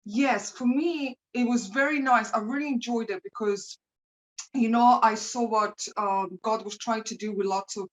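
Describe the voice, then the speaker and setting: Woman on a video call, slightly high voice, chatty, frequent laughter. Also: moderate pace, poor audio. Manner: chatty, laughs often, repeats words. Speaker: interview guest, rapper and preacher. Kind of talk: casual video-call interview.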